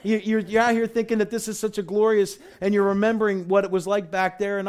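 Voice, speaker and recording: Higher-voiced man preaching casually. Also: fairly quick, few pauses, darkish tone. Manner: conversational preaching with rhetorical questions; frequent "you know" and stumbling restarts. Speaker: pastor. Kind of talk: sermon.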